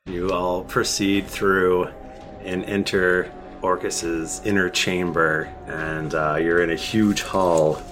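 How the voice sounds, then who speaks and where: Low-voiced guy running a tabletop game, slow and chill. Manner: relaxed descriptive narration with fillers. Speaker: game master.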